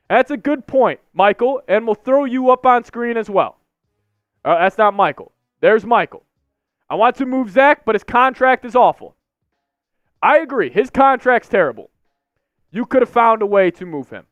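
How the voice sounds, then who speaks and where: A man's voice: very high voice, lively intonation, normal speed, no echo, soft background music. A young man hosting a live sports stream, ranting in frustration and repeating himself. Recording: slightly dull lo-fi stream audio.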